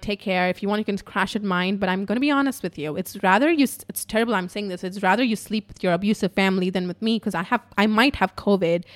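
A woman hosting a podcast, telling a story in a casual, profane, chatty way with lots of fillers, going from loud to hushed. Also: mid-range voice. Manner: animated, swinging between loud and hushed. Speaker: podcast host.

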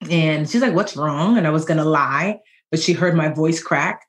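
Lively, joking woman financial educator. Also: low voice, moderate pace. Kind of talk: conversational podcast interview.

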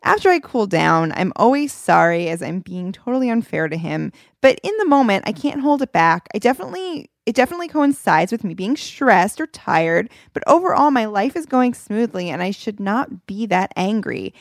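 A woman co-hosting a podcast, reading out a listener's letter in a wry, lively way. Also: medium pitch, normal speed, hardly any pauses, dry recording, clean studio sound. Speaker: podcast co-host.

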